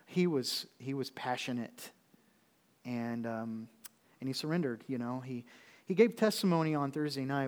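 A man's voice: mid-range voice, big-room sound. A man preaching a sermon as pastor, telling a story in a conversational, folksy way with frequent asides to the congregation. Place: church sanctuary.

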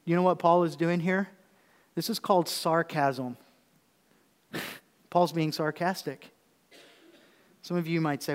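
High-voiced male preacher in a hall. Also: unhurried, pauses often, clean tone. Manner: expository, humorous asides, rhetorical questions. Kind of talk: sermon. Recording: echoey hall.

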